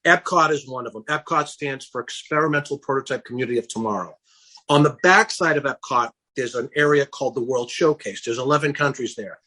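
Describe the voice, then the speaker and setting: A middle-aged man being interviewed on a casual podcast, telling his story in an animated way and acting out the dialogue he quotes. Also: medium pitch, a little fast, slightly rough. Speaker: guest, campaign founder.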